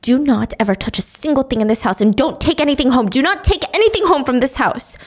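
A panicked middle-aged mother, secretive and frantic, snapping short sentences at her daughter , as a woman narrator acts her out. Her voice runs high and hurried. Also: expressive.

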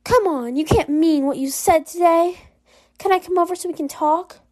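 A woman's voice: extremely high pitch, normal speed, darkish tone, pitched above the performer's own voice. A woman reading out the lines of a pushy, clingy teenage girl in a story game, pleading and insistent. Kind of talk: reading a story game's dialogue aloud.

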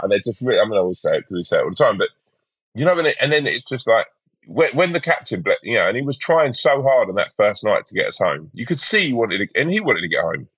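A man telling a rambling anecdote in casual chat. His voice is lowish and a little husky, with a very lively pitch that swoops up and down. The sound is close and dry. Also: fast talker, no echo. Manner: rambling storyteller, lots of restarts and acted quotes.

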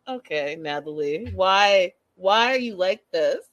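Speaking slowly in a lowish, expressive voice with no echo, a young woman gives casual recap commentary on a reality show. Her tone is chatty and disbelieving, and she addresses her audience straight on as "you guys."

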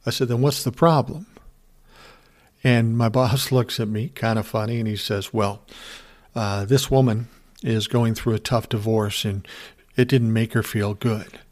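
A man's voice: fairly low pitch, fairly even intonation, measured pace, a little mellow. Blunt, wry man telling a story. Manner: blunt, wry, laughs through his story. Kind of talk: casual storytelling monologue.

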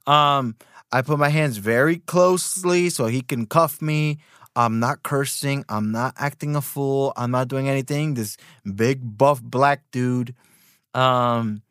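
A man in his thirties hosting a podcast, telling stories in an animated rant full of fillers and restarts. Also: medium pitch, normal speed, smooth, no room sound, clean studio sound. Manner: animated storytelling with many fillers. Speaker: podcast host.

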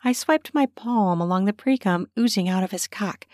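A woman narrating her own erotic story in a slow, intimate way, slipping into whispers. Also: medium pitch, darkish tone, no echo, clean studio sound.

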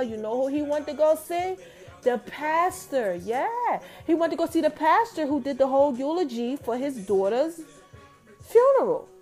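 Young woman, high voice, lively recap-vlog storyteller talking to her viewers, faint music underneath. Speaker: TV episode recapper. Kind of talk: casual TV recap.

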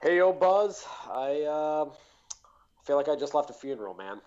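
A man's voice: on the high side, lively intonation, normal speed, a little mellow, dull audio. A man co-hosting a sports podcast, talking in a glum, rambling way. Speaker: podcast co-host. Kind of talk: casual sports podcast chat.

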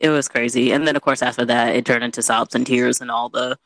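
Woman, young adult, casual storyteller, animated and chatty, dry close mic. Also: very deep voice, fast talker, no room sound. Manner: animated, chatty, peppered with "you know".

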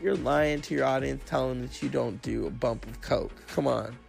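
Gravelly, profane man ranting with a cough. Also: mid-range voice, fairly even intonation, moderate pace, faint music behind. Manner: profane, sarcastic, rambling. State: sick with a cough. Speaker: host of a solo talk stream. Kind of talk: casual rant.

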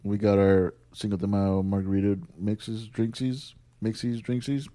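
A man's voice: lowish voice, flat delivery, moderate pace, mellow. Laughing man hosting a casual podcast. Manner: laughing storyteller, mimics his wife. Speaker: podcast host. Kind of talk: casual chat.

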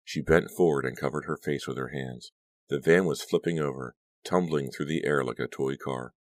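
A man reading a horror novel aloud as an audiobook, in steady, measured storytelling. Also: very deep voice, no echo. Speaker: audiobook narrator. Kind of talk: scripted audiobook narration.

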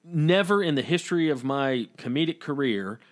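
A man's voice: fairly high pitch, lively intonation, moderate pace. A male comedian co-hosting a podcast, telling rambling anecdotes in casual chat, with frequent profanity.

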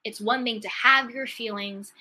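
A woman giving a motivational self-help talk, stressing her points with emphatic, repeated affirmations that swing from loud punches to soft, trailing endings. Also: fairly high pitch, steady tone, moderate pace, low-quality recording.

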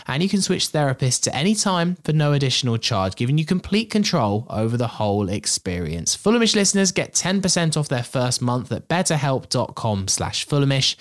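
Man reading a lively podcast ad. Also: a little high. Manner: smooth, upbeat, persuasive. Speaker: ad reader. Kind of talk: scripted ad read.

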